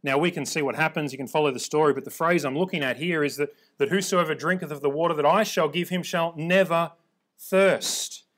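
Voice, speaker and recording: Man, preacher, Bible lesson, emphatic, repeats for stress, somewhat high-pitched. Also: fairly quick, fairly bright tone. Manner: emphatic, repeats for stress, checks in with "all right?". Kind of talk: Bible teaching.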